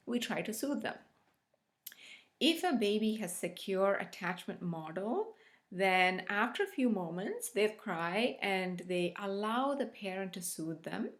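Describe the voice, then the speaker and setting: Woman educator, mid-pitched, explains in a lively narrative style with frequent "okay?" and "right?". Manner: animated storytelling, frequent "right?" and "okay?" check-ins. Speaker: relationship educator. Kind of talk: explanatory talk.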